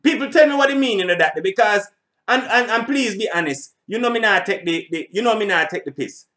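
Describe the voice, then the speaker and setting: A man's voice: high voice, expressive, brisk, sharp tone. A middle-aged man, hosting a reaction video in a rambling, casual way, repeating himself and swearing now and then. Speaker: reaction channel host.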